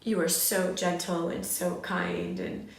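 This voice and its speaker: A middle-aged woman from Southern California, telling a personal story in a candid, animated way with fillers and restarts. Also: on the low side, slow, gravelly, slight background noise. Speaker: host. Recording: very echoey room.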